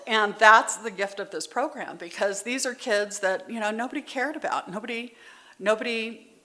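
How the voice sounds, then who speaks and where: At a recovery meeting, a middle-aged woman with a slightly high, pushed and bright voice tells her story at normal speed. Her testimony is candid, conversational, and heartfelt, and she comes near tears at times.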